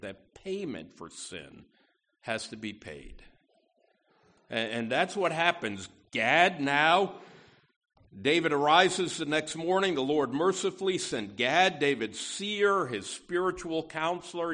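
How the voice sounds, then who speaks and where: A man's voice: fairly high pitch, a bit bright. Folksy conversational preacher, a man. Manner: folksy, peppered with asides, emphatic on key words. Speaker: pastor. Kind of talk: conversational sermon.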